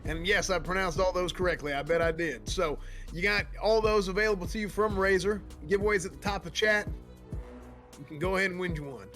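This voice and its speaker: A man's voice: sits high, fairly quick, fairly bright tone, soft background music. A man playing a grumpy, folksy old-timer sports caster who drawls and curses indignantly in a comedic role-play.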